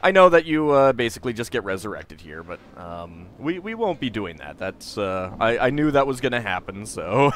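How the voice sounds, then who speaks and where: A man's voice: mid-range voice, big pitch swings. Rambling man doing game commentary. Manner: rambling, halting, full of restarts. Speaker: game streamer. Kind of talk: casual let's play commentary.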